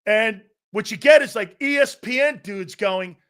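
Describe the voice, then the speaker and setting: A brash male sports talk host with a notably high voice for a man. He rants in a mocking, profane way, shooting down callers and rivals. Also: unhurried, fairly bright tone, smooth. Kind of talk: casual sports talk rant.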